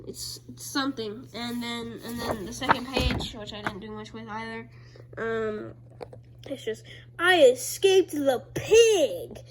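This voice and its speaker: Slow, rambling, higher-voiced woman. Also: level tone, noisy background. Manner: rambling, filler-heavy, loose storytelling; bursts into loud high character voices. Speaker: creator reading own comics. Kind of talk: casual chat.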